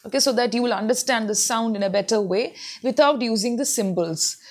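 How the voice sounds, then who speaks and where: A woman's voice: on the high side, brisk. A woman giving earnest advice in a spoken lesson, repeating words to model how they sound. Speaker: English tutor. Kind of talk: spoken English lesson to camera.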